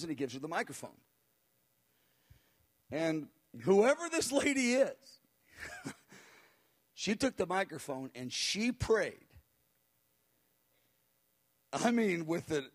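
Animated high-voiced male preacher. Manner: animated, acts out quotes. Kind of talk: sermon storytelling.

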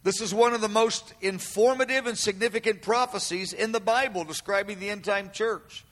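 A man delivers a sermon in a high, bright voice that rings out through a reverberant hall. He speaks with emphasis, circling back over key phrases and drawing quoted cries out slowly and loudly. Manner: emphatic, repeats phrases, swells loud and slow on quoted cries. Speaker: preacher. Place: room with an audience.

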